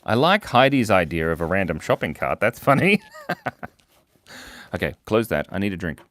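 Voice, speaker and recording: A man's voice: deep voice, big pitch swings, normal speed, a bit bright. A young Australian man hosting a live drawing stream, chatting playfully and laughing as he reads out viewer comments.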